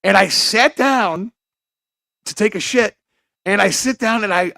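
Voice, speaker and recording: A man's voice: sits high, unhurried, gravelly, bright, forceful tone, dry recording, studio quality. A man telling crude, rambling stories on a podcast, often laughing at himself. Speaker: podcast co-host. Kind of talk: casual chat.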